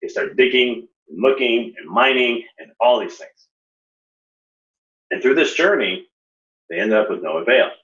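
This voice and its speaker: A man in his thirties hosting a reflective spiritual talk, earnest and animated as he tells stories. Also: medium pitch, measured pace, long pauses. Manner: earnest, animated storytelling with rising emphasis. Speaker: podcast host. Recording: echoey, slightly dull room recording.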